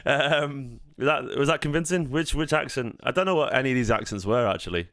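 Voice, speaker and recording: A man's voice: mid-range voice, moderate pace, a bit bright, clear, resonant tone, dry recording, studio quality. A man with a Mancunian accent hosting a fan channel live stream, rambling, joking and swearing in casual chat. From Manchester, England.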